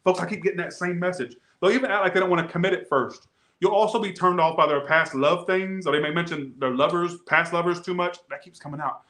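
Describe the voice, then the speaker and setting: A man with a Southern US accent giving a casual tarot reading, animated, blunt and joking. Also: high-pitched, fast, echoey room. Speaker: tarot reader.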